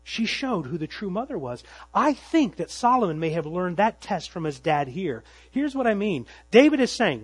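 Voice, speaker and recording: A man preaching in a high, husky voice, recorded close and dry. He tells the story dramatically, pushing some phrases out loudly and dropping others almost to a murmur. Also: big pitch swings, fairly quick, no room sound, poor audio. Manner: dramatic storytelling, swinging from loud emphasis to hushed tones. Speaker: pastor. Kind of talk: expository sermon.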